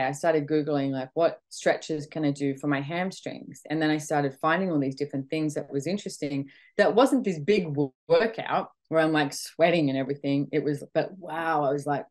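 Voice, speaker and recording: Middle-aged woman host from Australia, low pitch, chatty motivational talk, acts out her inner voice. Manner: chatty, animated, full of quoted self-talk. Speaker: podcast host.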